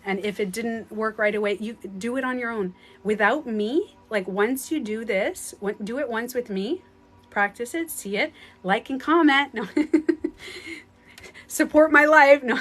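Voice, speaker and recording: A woman's voice: medium pitch, a bit bright. A woman hosting a casual phone livestream from home as a spiritual life coach, talking earnestly, rambling and often laughing.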